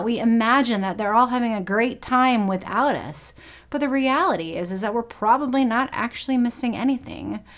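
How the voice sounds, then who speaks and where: A middle-aged woman pastor giving a sermon, telling personal stories in an earnest way. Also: medium pitch.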